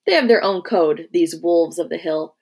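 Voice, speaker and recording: A gruff Roman centurion barking orders, raised and hard-edged, full of scorn for his captive, as a woman reading a story puts him on. His voice climbs sharply when he shouts. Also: on the low side, normal speed. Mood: contemptuous.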